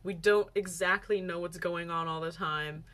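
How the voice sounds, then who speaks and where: A young woman vlogger casually telling a story to camera, animated and chatty, acting out what her friends said. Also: fairly low pitch, normal speed.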